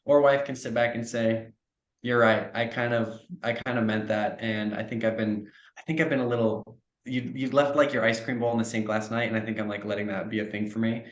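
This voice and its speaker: A man's voice: lowish voice, steady tone, fairly quick, reverberant, highs cut off. A man coaching on relationships in a podcast interview, earnest and reflective, acting out little example dialogues. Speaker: trauma coach, podcast guest.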